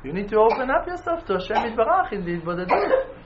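A man giving an informal spiritual lesson in an animated way, repeating phrases for emphasis and restarting words mid-phrase. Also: very high-pitched, fast talker, muffled recording, very noisy. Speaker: religious teacher.

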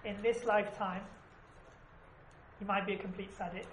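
A woman's voice: medium pitch, steady tone, normal speed. A woman teaching an informal class, chatty and often asking "right?" as she explains. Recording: echoey room, background noise.

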